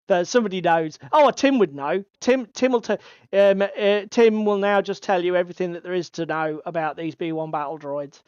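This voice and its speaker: A man's voice: high-pitched, moderate pace, darkish tone, clean tone, no echo. A man hosting a casual hobby podcast, chatty and given to swearing. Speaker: podcast co-host. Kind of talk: casual chat. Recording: slightly dull lo-fi audio.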